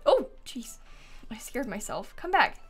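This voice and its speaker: A woman's voice: high-pitched, sing-song, measured pace, sharp tone, soft background music. Bubbly, giggly young woman streamer. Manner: giggly, chatty, thanks viewers often. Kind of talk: live game stream chat. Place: home streaming setup. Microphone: headset.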